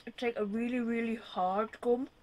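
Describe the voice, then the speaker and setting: A woman's voice: on the high side, fairly even intonation, normal speed, darkish tone. A woman tasting snacks beside a vlogger, chatting casually and joking with giggles. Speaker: co-host.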